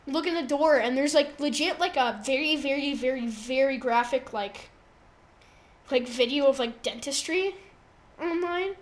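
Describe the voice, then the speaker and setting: A woman's voice: high voice, normal speed. A teenage girl hosting a casual podcast chat at home, rambling with lots of fillers. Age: teens. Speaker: podcast host.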